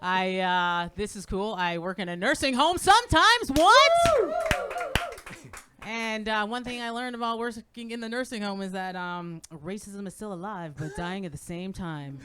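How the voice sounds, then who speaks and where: A woman doing a stand-up comedy set on stage, animated, acting out her kids in loud voices. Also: mid-range voice, normal speed, hardly any pauses, slight background noise. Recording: live room with crowd audible.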